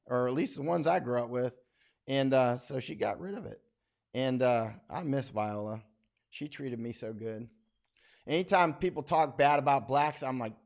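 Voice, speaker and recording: A man hosts a casual livestream, reading viewer comments and drifting into stories. His talk is folksy and blunt, full of asides and restarts, at a middling pitch. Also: normal speed. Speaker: war correspondent and livestream host.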